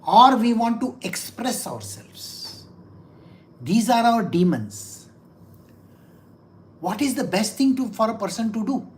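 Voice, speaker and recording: A woman's voice: fairly high pitch, big pitch swings, takes it slowly, long pauses, darkish tone. A woman spiritual teacher explaining scripture to listeners, asking rhetorical questions, repeating phrases for emphasis and acting out small quoted exchanges. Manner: acts out little quoted exchanges.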